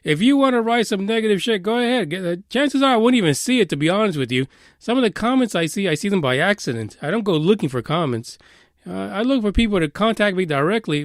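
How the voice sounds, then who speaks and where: Sweary new guy ranting on his podcast, pretty high voice, dead dry mic. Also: dry recording. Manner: profane, sarcastic and combative, swinging loud and low. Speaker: podcast host.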